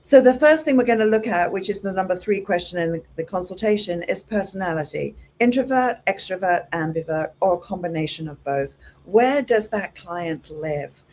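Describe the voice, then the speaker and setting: Animated woman teaching a hair class. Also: fairly low pitch, normal speed, few pauses. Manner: animated, acts out clients with exclamations. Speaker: hairdressing educator.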